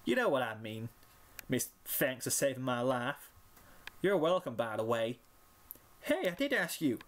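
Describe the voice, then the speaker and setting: A man's voice: medium pitch, sing-song, unhurried, fairly bright tone. A man voicing a brash, tomboyish young female pegasus in a fan fiction reading, cocky and teasing but awkward about feelings.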